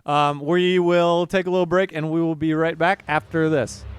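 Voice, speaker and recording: A man's voice: on the high side, little pitch movement, normal speed, smooth. A man co-hosting a casual music podcast, rambling along with fillers. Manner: rambling, many fillers and restarts. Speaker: podcast co-host.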